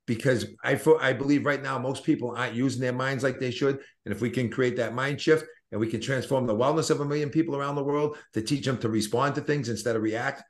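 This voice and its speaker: Man, 50s, Boston accent, middle pitch, earnest, motivational, rambling interview guest. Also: quick pace, few pauses. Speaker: network marketing guest. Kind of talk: casual storytelling interview.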